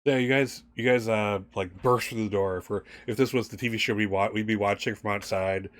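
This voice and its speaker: Rambling male game master, low voice. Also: fairly even intonation, a little fast, no room sound, studio quality. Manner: rambling, many fillers and restarts, laughs often. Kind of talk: narrating a tabletop game.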